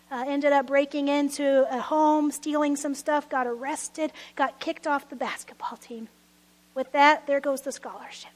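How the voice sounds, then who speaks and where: A woman with a very high voice preaches an earnest sermon. She pleads with her listeners, swelling louder on her appeals and sinking to a near-whisper on tender lines.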